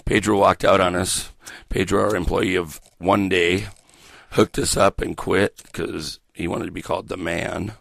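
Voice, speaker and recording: A middle-aged man hosts a morning radio show in a low, heavily gravelly voice with a husky edge. He rambles through stories, swearing constantly and chuckling at his own jokes. He speaks close to a studio mic in a dry, dead room. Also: fairly even intonation, unhurried, a bit bright, dry recording. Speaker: radio host. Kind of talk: profane casual morning radio banter. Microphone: studio microphone.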